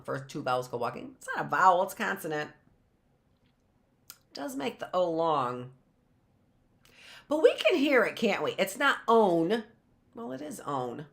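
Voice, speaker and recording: Slow, animated woman teaching phonics. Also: lowish voice. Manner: sounds out words slowly, repeating them, with playful asides. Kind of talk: phonics lesson for live online class.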